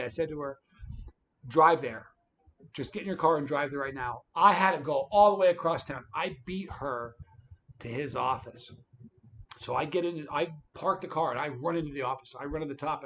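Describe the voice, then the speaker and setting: A man hosting a livestream, telling a story in a lively, casual way. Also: a little high, a little hiss or hum. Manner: animated, tells stories with quoted voices. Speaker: livestream host.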